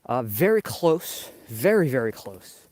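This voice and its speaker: A New York man hosts a casual live vlog outdoors in the snow, rambling and chatting to viewers while walking, slightly out of breath. His mid-range voice has big pitch swings and an unhurried, a little mellow quality, in a dry recording.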